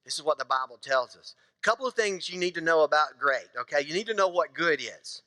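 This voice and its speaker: A man's voice: a little high, lively intonation, brisk, sharp tone, dry recording, in a large hall. A middle-aged man preaching a sermon in a church, casual and joking, acting out little scenes from married life. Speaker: pastor. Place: church sanctuary.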